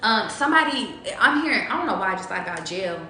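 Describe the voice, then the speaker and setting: A woman's voice: mid-range voice, sing-song, fast talker, bright, forceful tone, roomy sound, slight background noise. A young woman doing a casual live tarot reading, rambling and profane, thinking aloud with lots of ums. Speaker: tarot reader.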